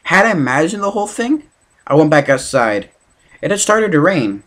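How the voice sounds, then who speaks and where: A man reading a novel aloud as an amateur, halting now and then with slips and restarts. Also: a little high, very animated, fairly bright tone. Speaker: reader.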